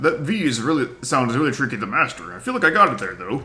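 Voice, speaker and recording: A man's voice: medium pitch, very animated, fast talker, few pauses, sharp tone. A man giving casual game commentary as a streamer, with jokey, wry asides. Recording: roomy room with game music.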